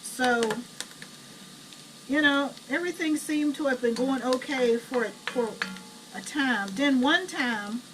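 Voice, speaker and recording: A middle-aged woman telling blunt, animated family stories while she cooks at home. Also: high-pitched, slow. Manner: blunt, chatty, animated retelling. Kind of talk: casual storytelling while cooking. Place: home kitchen. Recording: distant camera mic, noisy kitchen.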